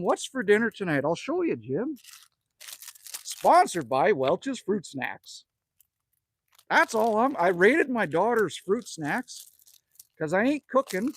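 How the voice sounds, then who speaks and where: The voice is a man's, high-pitched with a fairly bright tone. He's a livestream host from Manitoba, Canada, chatting casually inside a wood-stove-warmed cabin while he rambles, jokes around and reads chat messages out loud.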